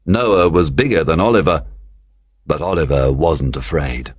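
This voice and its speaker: A man narrating a children's storybook for young learners, slow, clear and expressive. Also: rumbling low, no room sound, clean studio sound. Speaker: audiobook reader.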